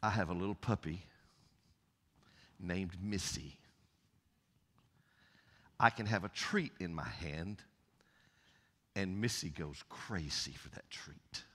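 A middle-aged Southern pastor delivers a folksy sermon in a very deep, husky voice. He drops from loud calls to near-whispers as he preaches. The sound rings with the long reverb of a church hall. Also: slow, long pauses. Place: church sanctuary.

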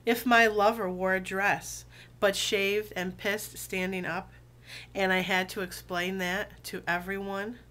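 Slow-talking sick woman, bright voice. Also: medium pitch. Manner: relaxed, many um fillers, deliberate drawn-out reading. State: sick, voice lower than usual. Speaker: video blogger reading poetry. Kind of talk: casual chat and slow poetry reading.

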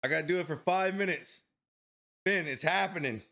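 A man vlogging a spicy food challenge, excitable and swearing, groaning and coughing as the heat hits him. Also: a little high, normal speed. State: in pain from heat, teary. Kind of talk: casual food challenge vlog.

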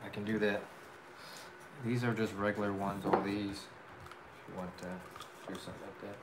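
A man's voice: on the low side, little pitch movement, moderate pace, recorded from a distance. A man helping at a live sale, tossing in offhand, joking remarks. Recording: echoey room with background noise.

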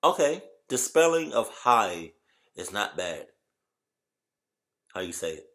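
A man chatting casually to his viewers in a reaction vlog, full of slang and sudden loud exclamations. His pitch leaps and swoops with lively expression, from quiet mumbles to high-pitched outbursts. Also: takes it slowly. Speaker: YouTuber.

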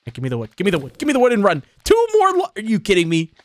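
Excitable young man gaming host. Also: sits high, rapid-fire, dry recording, studio quality. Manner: excitable, chatty, jumpy reactions. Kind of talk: let's-play commentary.

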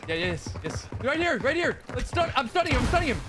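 A man streaming a shooter game, giving loud, rapid callouts to his teammates and often shouting. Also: very high voice, very animated. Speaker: gaming streamer. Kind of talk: excited gameplay commentary. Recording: gameplay noise under voice. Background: game sounds and clicks.

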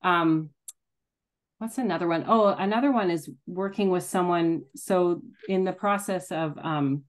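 A middle-aged woman telling a personal story in a candid, self-deprecating way, laughing often. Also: low-pitched. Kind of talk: casual reflective storytelling.

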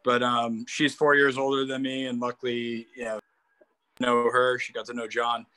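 A man's voice: medium pitch, level tone, normal speed, pushed and bright, clean tone. A young man from Connecticut telling a light, rambling memory on a video call.

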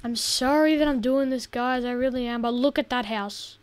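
A woman's voice: a little high, steady tone, normal speed, clean tone. A woman giving casual gameplay commentary, chatty and easily exasperated as she plays. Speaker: gaming video host.

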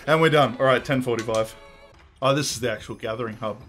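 A man in casual gameplay commentary, joking and crude as he rambles along. His voice is mid-pitched, with faint game music underneath. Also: a little fast, pauses often, fairly bright tone. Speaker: game streamer.

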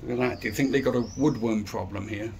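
This middle-aged motorcycle vlogger talks to camera while walking around outside by a church and graveyard, rambling and speaking straight to viewers. His mid-range voice moves at a quick pace and sounds a little mellow, with a little hiss or hum in the recording.

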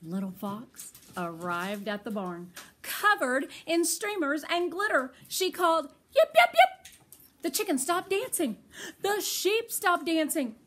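Grandma reading a picture book to little ones, high bright voice, slow and tender. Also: female voice. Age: older. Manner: tender, slow and expressive storytelling. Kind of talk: children's read-aloud.

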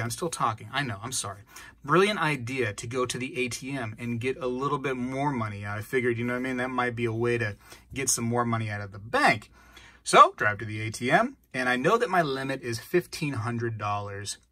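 Guy vlogging at his desk, bright husky voice, rambly story with little acted-out bits, dry close sound. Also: mid-range voice, no echo. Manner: animated, rambling, acts out dialogue. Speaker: channel host. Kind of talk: casual storytelling vlog.

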